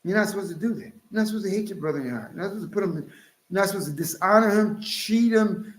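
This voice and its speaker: High-voiced man preaching in a roomy echo. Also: fast talker. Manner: emphatic, scolding, rhetorical, cites scripture. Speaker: channel host preaching on scripture. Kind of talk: preaching commentary.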